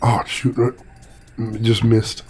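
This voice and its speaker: A man's voice: mid-range voice, little pitch movement, slow, darkish tone, husky, soft background music. A man with a slightly weak voice hosting a let's-play, chatting, joking and reading game text aloud. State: voice a little weak. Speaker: gaming video host. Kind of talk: casual let's-play commentary.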